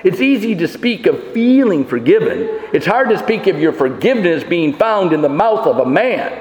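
A man's voice: high-pitched, very animated, moderate pace, darkish tone, slight background noise. A man preaching a sermon as pastor, emphatic and full of rhetorical questions with dry asides. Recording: echoey church hall with long reverb.

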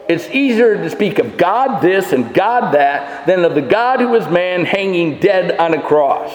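High-voiced preacher in echoey church. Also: male voice, big pitch swings, measured pace, few pauses, slight background noise. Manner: emphatic, rhetorical questions, dry asides. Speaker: pastor. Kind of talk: sermon. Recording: echoey church hall with long reverb.

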